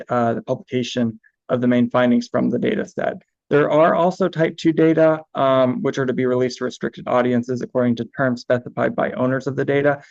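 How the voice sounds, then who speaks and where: A man's voice: medium pitch, creaky, darkish tone, no room sound. A man giving a presentation on data management as information manager, talking in a hesitant way with many ums and uhs. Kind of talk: recorded presentation. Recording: dull, lo-fi sound.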